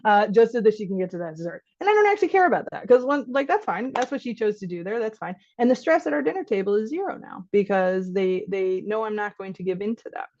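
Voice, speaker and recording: A woman physician in her thirties giving a conversational workshop talk to caregivers, lively and laughing as she acts out parent and child exchanges. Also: medium pitch, quick pace, hardly any pauses. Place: online workshop. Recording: slightly dull lo-fi audio.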